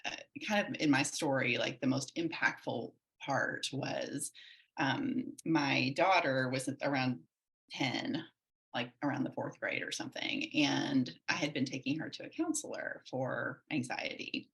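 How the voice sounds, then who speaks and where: Low-voiced woman telling her story. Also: a little slow, gravelly, fairly bright tone. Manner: earnest, reflective, talks in loose run-on sentences. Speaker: podcast guest. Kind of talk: candid personal storytelling.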